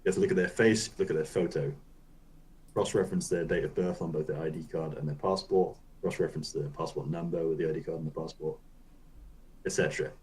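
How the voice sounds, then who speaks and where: A man's voice: extremely low pitch, fairly even intonation, fast talker, a little mellow, rough recording. A man co-hosting a gaming podcast, rambling loosely through a casual chat and swearing now and then. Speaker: podcast co-host.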